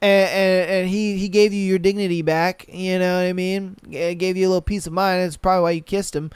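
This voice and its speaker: A young man hosting a podcast, reading listener stories aloud and reacting with animated, profane commentary. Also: high voice, quick pace, smooth, no echo, clean studio sound. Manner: animated, swears a lot, mocks with put-on quotes. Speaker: podcast host.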